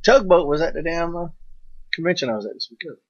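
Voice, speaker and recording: A man's voice: a little high, lively intonation, fast talker, no echo. A man hosting a podcast, chatting casually, swearing freely as he tells stories. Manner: swearing, storytelling. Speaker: podcast host. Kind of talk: casual chat. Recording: dull lo-fi dry sound.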